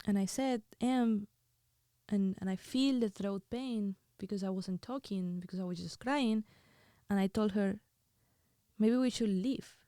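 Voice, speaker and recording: Woman quietly recounting a personal story, mellow voice, kind of halting, repeats herself, dry close sound. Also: medium pitch, dry recording. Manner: halting, repeats words, soft-spoken. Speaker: podcast host.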